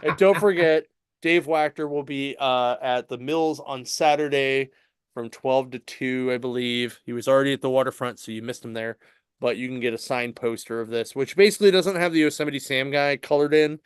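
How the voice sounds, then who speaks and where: A man co-hosts a podcast and recaps a story in loose, rambling chat, with lots of fillers and easy chuckles. His voice is smooth and resonant at a middle pitch. The sound is close and dry. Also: moderate pace, no echo. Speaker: podcast co-host at a comic shop. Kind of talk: casual chat recapping a comic book.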